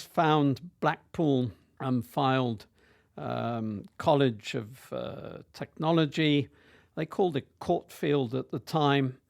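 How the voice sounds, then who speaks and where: This guest, a hotel group chief executive of about 60 from near Manchester, England, shares career anecdotes with plenty of hesitant fillers and false starts. His voice is mid-range with vocal fry, captured at studio quality with no room sound.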